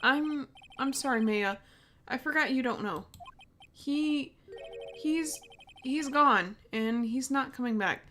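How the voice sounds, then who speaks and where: A woman's voice: high voice, slow, fairly bright tone. A woman voicing an earnest, flustered young male defense lawyer.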